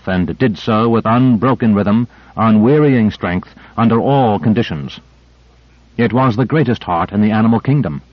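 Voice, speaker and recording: Male audiobook narrator, steady measured read, dry dull lo-fi sound. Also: on the low side, no room sound. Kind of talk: scripted narration.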